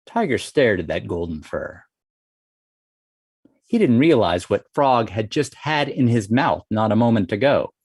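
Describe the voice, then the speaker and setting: Male folktale storyteller, lively pitch swings, dry close sound. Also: a little slow, husky, dry recording. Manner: animated, varied delivery.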